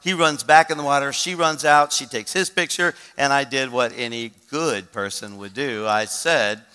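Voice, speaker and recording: A male pastor preaching a sermon, telling a story with animated delivery and acting out the people he quotes. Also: mid-range voice, moderate pace, clean tone, long reverb tail. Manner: animated storyteller who acts out quoted voices.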